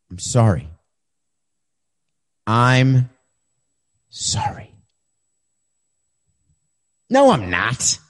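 A man hosting a talk show monologue, wry and emphatic, moving between quick asides and slow, deliberate points. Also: fairly low pitch, darkish tone. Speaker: show host. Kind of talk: monologue commentary. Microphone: camera setup.

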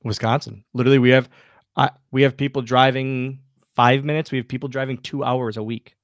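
A man, a former pro wrestler, telling backstage stories as a guest in a casual interview, lively and full of acted-out quotes. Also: medium pitch, fairly quick, dry recording, clean studio sound. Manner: animated anecdotes, acts out quoted dialogue, many restarts. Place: podcast studio.

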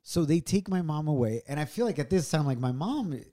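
A middle-aged man co-hosting a podcast tells a personal story in an earnest, reflective, heartfelt way. His mellow voice is on the high side, expressive and a little fast.

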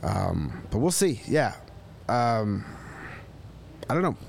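A man co-hosting a sports podcast, talking in a measured way with frequent filler pauses. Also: on the low side, very animated, creaky, a little mellow, a little hiss or hum. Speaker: podcast co-host. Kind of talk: casual sports chat.

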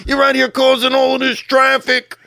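A man doing an impression of an angry middle-aged rich man yelling insults. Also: extremely high pitch, monotone, normal speed, creaky, no room sound, clean studio sound, voice pushed up, exaggerated voice.

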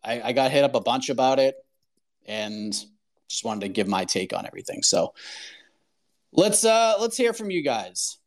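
A man's voice: medium pitch, lively intonation, normal speed, long pauses. A man hosting a call-in show in a casual, conversational way. He talks loosely and easily before turning things over to a caller. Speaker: show host.

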